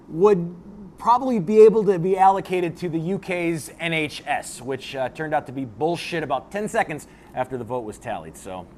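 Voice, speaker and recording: Sarcastic guy doing a fake news monologue, kinda high voice, lots of ups and downs. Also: a little mellow, a little hiss or hum. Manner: sarcastic, laughs at his own jokes. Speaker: host.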